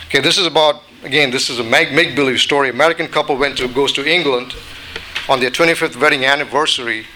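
Brief: bright-voiced man stumbling a little through a devotional read-aloud. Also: medium pitch, a little hiss or hum, low-quality recording. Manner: halting, frequent restarts and fillers. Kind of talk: reading a devotional story aloud.

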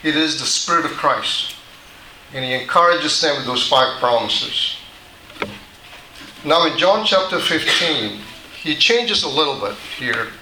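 Male pastor, sermon delivery, patient and repetitive, very bright tone, roomy church hall sound. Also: a little high, expressive, unhurried, pauses often, a little hiss or hum. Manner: patient, repetitive teaching with frequent restarts. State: dry mouth.

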